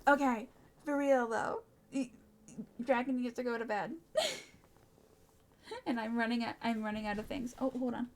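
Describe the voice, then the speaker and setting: Woman streamer, casual chat, a touch high-pitched, bubbly and giggly, stumbles over words. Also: fairly even intonation, moderate pace, pauses often.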